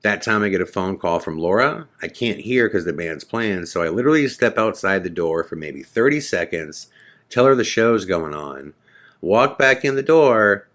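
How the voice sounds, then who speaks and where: A man's voice: low-pitched, expressive, normal speed, fairly bright tone. A man hosting a podcast, telling a story in a loose, rambling way with lots of "you know.". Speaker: podcast host. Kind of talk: casual storytelling.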